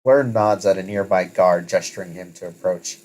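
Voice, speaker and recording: A man's voice: low-pitched, normal speed, a little mellow, poor audio. A man casually reading a second-person story aloud, often correcting himself. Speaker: story reader.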